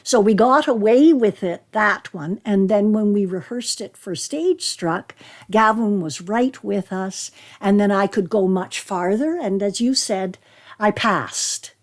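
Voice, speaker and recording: A woman's voice: medium pitch, a little slow. Older woman, actress guest, casual interview talk, chatty storyteller. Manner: chatty, animated anecdotes.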